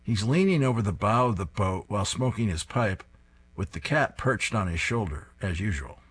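A man's voice: lowish voice, animated, normal speed, a bit bright, husky. A man reading comic strips aloud, describing each panel in an amused, descriptive way.

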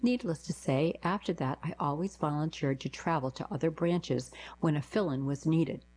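Woman w a low voice reading little diary stories, calm and even. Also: normal speed, low-quality recording. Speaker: narrator reading diary letters. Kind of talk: scripted narration.

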